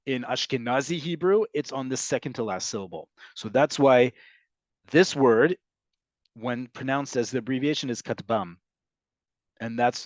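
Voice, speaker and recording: A man's voice: medium pitch, no echo. Man teaching in a dull, dry recording. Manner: explanatory, patient, reads out student questions; frequent "um" and "right?" fillers. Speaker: Hebrew teacher. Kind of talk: online class answering questions.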